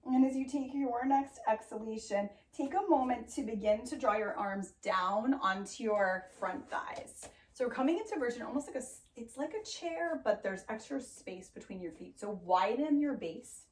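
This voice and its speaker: Woman yoga teacher, calm steady cues, playful breath sounds, echoey room, a little away from the mic. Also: a little high, normal speed. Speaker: yoga instructor. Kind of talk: guided yoga class cueing. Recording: roomy echo, voice from a distance off the mic.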